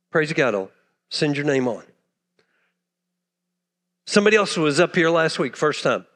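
A male pastor preaching a sermon to his church, impassioned, swinging between loud declarations and hushed asides. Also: fairly high pitch, sing-song, normal speed, long pauses. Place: church sanctuary. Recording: long reverb of a church hall.

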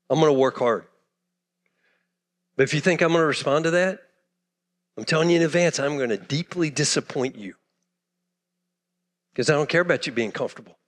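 Male pastor, sermon, fired up, drops to hushed asides; high-pitched, reverberant church hall. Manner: impassioned, swings from loud to hushed. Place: church sanctuary.

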